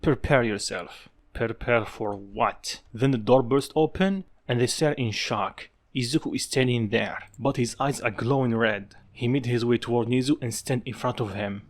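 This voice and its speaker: A man's voice: medium pitch, normal speed, few pauses. A man narrating a fan story in a casual, offhand way. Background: background music.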